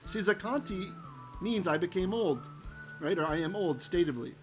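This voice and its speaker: A man teaching a Torah lesson as a rabbi, animated and often checking in with his listeners, sometimes chanting verses. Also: high-pitched, normal speed, soft background music, rough recording.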